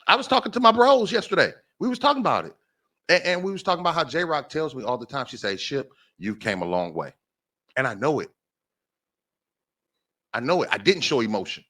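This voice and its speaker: A man's voice: a little high, animated, fast, pauses often, bright, forceful tone. A man hosting a talk show, delivering an impassioned monologue and repeating phrases for emphasis. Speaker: podcast host.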